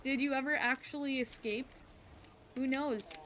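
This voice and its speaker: A woman streaming a video game, chatting casually and excitedly with her viewers as she plays. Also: sits high, normal speed, slight background noise. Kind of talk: casual live-stream chat.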